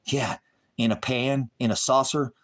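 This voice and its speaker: A middle-aged man ranting to his viewers, cursing heavily and swinging between shouted outbursts and low bitter muttering. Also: fairly even intonation, measured pace. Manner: heavy cursing, bitter and raging. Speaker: online ministry broadcaster. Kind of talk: angry unscripted rant to viewers.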